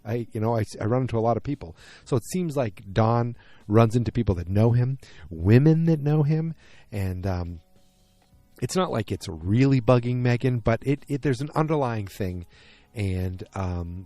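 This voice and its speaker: A man's voice: medium pitch, darkish tone, no echo. A man hosting a podcast, recapping an episode in a rambling, unsure way and often second-guessing himself while talking outdoors. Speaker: podcast host. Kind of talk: casual solo episode recap.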